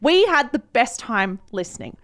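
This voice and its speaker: A woman's voice: a little high, big pitch swings, moderate pace, a bit bright. A woman co-hosting a podcast in casual, bubbly chat, laughing often. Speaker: podcast co-host.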